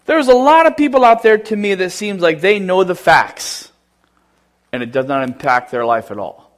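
A pastor with a high-pitched male voice delivering a sermon in a casual, conversational way. He leans into his points with emphasis and talks to the congregation like friends. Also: expressive, moderate pace. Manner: conversational, emphatic, laughs often.

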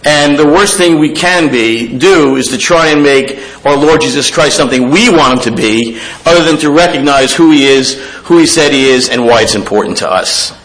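A man's voice: mid-range voice, lively intonation, normal speed, hardly any pauses, a bit bright, rough recording. A man with a nasal voice, speaking as a guest preacher in a church, giving a sermon and reading scripture aloud, with frequent fillers and restarts.

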